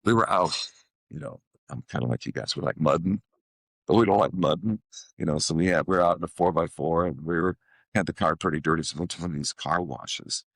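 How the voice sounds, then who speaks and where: A man in his seventies with an extremely deep, gravelly voice tells rambling stories as an interview guest. He keeps restarting his sentences and acts out the dialogue he quotes. The sound is close and dry. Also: fairly quick, no echo. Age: 70s. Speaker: guest, author and motivational speaker. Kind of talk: casual storytelling interview.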